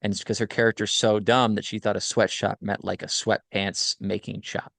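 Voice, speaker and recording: A man casually recapping a film plot on a podcast, rambling with many fillers and quick self-corrections. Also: on the low side, flat delivery, gravelly, a bit bright, dry recording. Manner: rambling, filler-heavy retelling. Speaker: podcast host.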